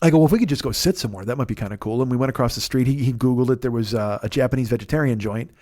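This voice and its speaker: A man in his forties hosting a podcast, telling a story in a rapid, profane way that swings between loud agitation and quiet reflection. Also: medium pitch. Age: 40s. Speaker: podcast host. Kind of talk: casual storytelling monologue.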